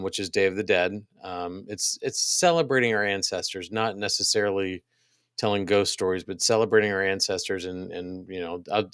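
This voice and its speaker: A man co-hosting a podcast, casually reading out upcoming events, halting with many ums and restarts. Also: on the low side, fairly bright tone, smooth, no echo, studio quality. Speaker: podcast co-host.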